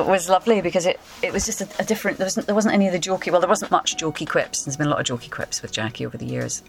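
An actress with a very low voice for a woman, speaking in an interview. She talks thoughtfully, stopping and restarting as she searches for the right words, with faint music behind her. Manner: thoughtful, hesitant. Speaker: actor interviewee.

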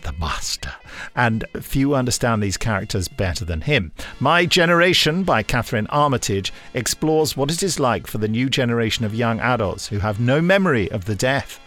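A man's voice: mid-range voice, lively intonation, normal speed, few pauses, a bit bright. A man co-hosting a podcast, reading listener emails aloud and joking as he goes. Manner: jokey, laughs as he reads. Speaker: podcast co-host.

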